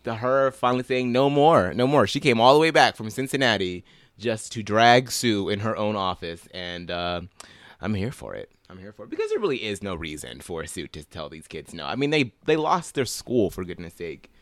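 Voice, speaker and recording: A man thinking out loud on a podcast, his voice rising and falling a lot as he stumbles through restarts. The sound is dry and close, with no room around it. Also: on the low side, big pitch swings, moderate pace, no echo. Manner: musing and hesitant, with many restarts. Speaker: podcast co-host. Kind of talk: casual podcast chat.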